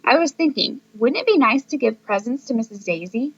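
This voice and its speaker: A woman's voice: animated, brisk, husky, lo-fi sound. Woman putting on gushing sing-song teacher mom. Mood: cheery. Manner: sing-song, high-pitched and blubbering. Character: emotional, gushing adult female teacher and mom.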